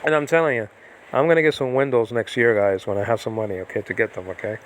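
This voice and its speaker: A man gives a loose, rambling livestream lesson from inside his own house, speaking at a middling pitch. He talks to viewers on a device running on battery, drifts off topic, and restarts sentences often. A faint hum of background noise sits under his voice. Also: steady tone, quick pace. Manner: digressive, chatty, many fillers and restarts. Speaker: Bible Greek teacher. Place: self-built cement-block house during a typhoon.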